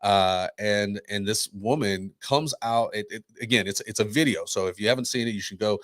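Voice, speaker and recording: A man co-hosting a podcast in relaxed conversation. He tells stories in an animated way and slips into the voices of the people he describes. His voice sits in a middle range and sounds dry and close to the mic. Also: fairly low pitch, normal speed, no echo. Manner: animated storytelling, acts out quoted voices. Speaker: podcast co-host. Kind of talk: casual chat.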